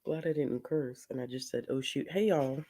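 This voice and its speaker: A man's voice: medium pitch, mellow. A man hosting a casual reading livestream, tired and yawning, rambling and greeting viewers in the chat. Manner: slow, rambling, says y'all often, greets chat viewers. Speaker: book livestream host.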